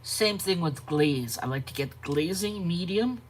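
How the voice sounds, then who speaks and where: A woman hosting a live art stream, chatting casually, greeting viewers by name and pausing to yawn and correct herself. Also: fairly low pitch, expressive. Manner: frequent yawns and self-corrections. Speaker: art channel host.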